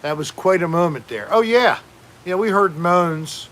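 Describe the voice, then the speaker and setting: A man's voice: a little high, moderate pace, fairly bright tone. A man hosting a casual home livestream, rambling and joking while reading out chat names. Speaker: livestream host.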